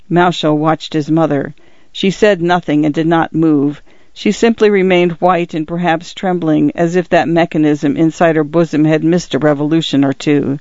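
A man giving measured, even literary audiobook narration. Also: a little high, dry recording. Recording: dull, lo-fi, dry recording.

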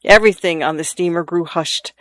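A narrator reading a classic story in a measured, descriptive way. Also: medium pitch, fairly bright tone, dry recording.

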